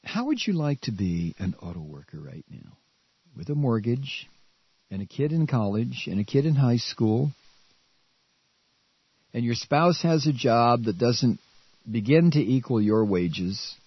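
A man rants on the radio in a lively, swooping voice that climbs into shouts. His tone is a little husky and he stumbles over his words. The sound is dull and dry. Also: medium pitch, a little slow, long pauses, dry recording. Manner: angry, stammering, shouting outbursts. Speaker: radio talk host. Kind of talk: political rant.

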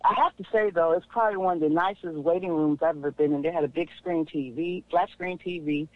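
A man calling in over a tinny, dry phone line, his voice sitting fairly high. He talks in a chatty, rambling way, laughing easily as he tells his story. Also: fast talker, dry recording. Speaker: caller. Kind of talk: casual call-in chat.

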